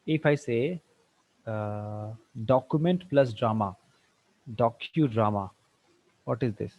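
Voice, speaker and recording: A man teaching an online tutorial, firing quick questions at students and slipping into Hindi. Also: mid-range voice. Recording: dull lo-fi dry sound.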